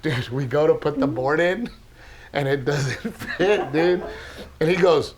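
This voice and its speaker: A man hosting a podcast, telling stories in an animated, casual way and saying "dude" a lot. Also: fairly high pitch, unhurried, noisy background. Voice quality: animated storyteller, says "dude" often. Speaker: podcast host. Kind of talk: casual chat.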